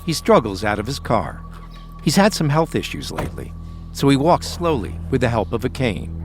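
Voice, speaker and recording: Lively-voiced male documentary narrator. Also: mid-range voice, music in the background. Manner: measured, storytelling. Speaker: podcast host and narrator.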